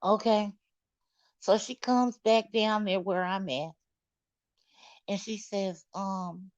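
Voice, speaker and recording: A woman's voice: medium pitch, slow pace, no echo, muffled recording. A woman recounting a personal story to viewers in a candid, dramatic way, cursing freely. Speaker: storyteller vlogger.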